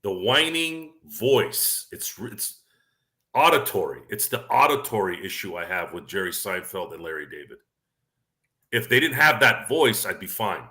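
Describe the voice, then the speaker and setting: A man's voice: deep voice, big pitch swings, moderate pace, sharp tone. A man co-hosting a casual sports talk podcast, rambling and self-deprecating, laughing often as he talks. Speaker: podcast co-host.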